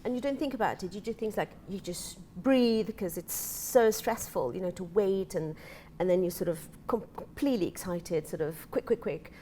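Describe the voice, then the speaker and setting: A woman guest on a talk show telling an animated story, acting out her own thoughts and laughing often. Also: medium pitch, moderate pace, few pauses, slight background noise. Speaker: event participant guest. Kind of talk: casual talk show chat.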